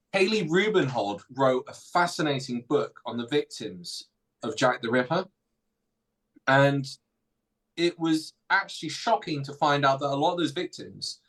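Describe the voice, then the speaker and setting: A man's voice: medium pitch, a bit bright, low-quality recording. A man hosting a casual political podcast, ranting indignantly. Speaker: podcast host.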